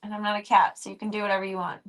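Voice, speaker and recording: A young woman streaming from home, chatting casually and baby-talking her cat, often dropping to a soft, hushed voice. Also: mid-range voice, level tone, very fast. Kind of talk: casual livestream chat.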